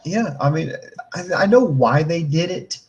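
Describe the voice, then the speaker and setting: A man in his forties co-hosting a casual wrestling review chat, rambling and profane, with a fairly high voice. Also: measured pace, muffled recording, slight background noise. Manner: animated, profane, rambling, acts out mocking voices. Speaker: wrestling show co-host.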